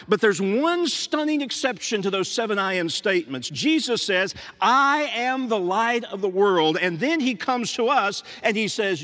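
A man's voice: sits high, fairly bright tone, in a large hall. A male pastor preaching a sermon emphatically, with repetitions and sudden drops to a near whisper.

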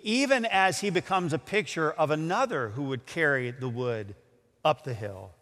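A man's voice: high voice, pushed and bright, big-room sound. A man preaching a sermon with impassioned, dramatic delivery and stammered restarts.

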